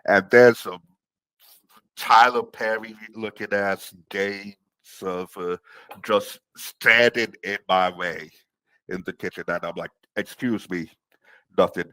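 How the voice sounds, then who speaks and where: Chuckling man telling a story, low voice. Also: takes it slowly, clear, resonant tone, no echo. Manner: animated, often laughing through his words, stammering restarts. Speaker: guest. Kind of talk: casual storytelling on a comedy podcast.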